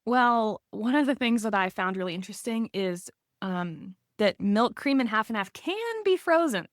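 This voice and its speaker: A woman's voice: a little high, lively intonation, moderate pace, no echo, clean studio sound. Chatty woman podcast co-host. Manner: chatty, rambling, sprinkled with likes and ums. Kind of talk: casual podcast chat.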